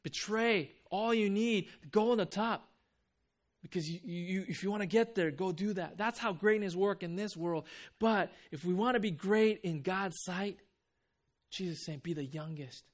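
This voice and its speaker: Man, pastor, sermon, high voice, conversational, animated storytelling, soft reflective asides. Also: normal speed. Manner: conversational, animated when telling stories.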